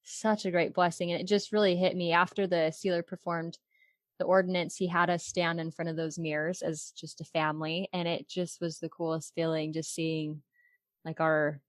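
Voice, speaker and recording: Podcast guest: young woman from Arizona, chatty and giggly, lowish voice, dry close sound. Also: no echo. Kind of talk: casual faith-based interview storytelling.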